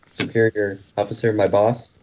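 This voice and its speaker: A man's voice: fairly low pitch, little pitch movement, normal speed, highs cut off, noisy background. A man player talking casually and hesitantly, with many fillers, in a tabletop game. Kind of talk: casual chat while playing.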